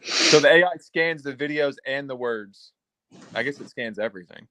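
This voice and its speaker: A man hosting a casual livestream chat, talking in animated bursts that swing from loud to soft. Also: mid-range voice, moderate pace, rough recording. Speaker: livestream host.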